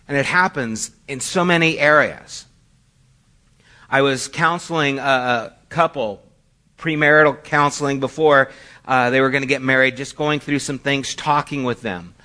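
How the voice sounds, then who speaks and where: Man giving a sermon, bright tone, chatty and self-mocking, middle-aged. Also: mid-range voice, moderate pace. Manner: conversational storytelling with self-deprecating asides. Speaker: pastor.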